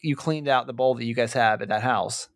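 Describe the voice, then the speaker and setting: A young man hosting a podcast in casual chat, animated and laughing, with frequent stammered restarts. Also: mid-range voice, a little fast, no echo, clean studio sound. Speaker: podcast host.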